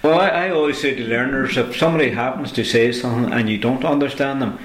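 A man teaching phrases in a casual lesson, patient and repeating each phrase slowly. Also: mid-range voice, echoey room, low-quality recording. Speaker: Irish language teacher. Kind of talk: conversational language lesson.

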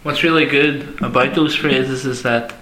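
A man's voice: mid-range voice, steady tone, unhurried, pushed and bright, reverberant, a little hiss or hum. A man co-hosting a language lesson, chatty and encouraging to learners.

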